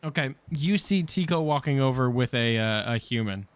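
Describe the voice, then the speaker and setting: A man with a medium-pitched, animated voice narrates a tabletop game as dungeon master at a moderate pace. He's casual and jokey, laughing and often correcting himself, and the recording is dry.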